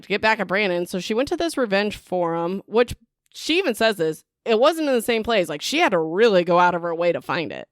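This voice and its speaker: A young woman talks through a book's chapters in a loose, gossipy recap. She keeps dropping "like" and "whatever" and jumps into excited asides. Her voice is smooth and clear, in a dry room with no echo. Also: medium pitch. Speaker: book podcast host. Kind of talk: casual book recap.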